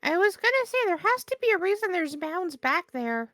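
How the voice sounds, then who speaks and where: A woman playing a tabletop game, talking in a lively, exasperated way in casual chat. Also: very high-pitched, normal speed, dry recording, clean studio sound. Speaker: player.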